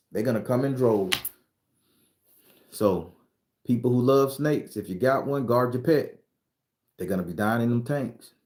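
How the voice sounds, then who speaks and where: A man's voice: fairly low pitch, a little mellow, reverberant. A man giving spiritual predictions in a loose, profane, emphatic way, laughing often. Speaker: spiritual reader sharing predictions. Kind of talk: casual spiritual vlog talk.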